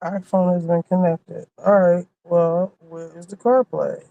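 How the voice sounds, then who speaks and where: Guy streaming from his car, gravelly voice, dry close sound, mumbling to himself. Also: sits high, flat delivery, measured pace, no room sound, phone-quality sound. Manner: mutters to himself, grumbling at the car. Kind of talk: casual chat while driving. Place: inside a car.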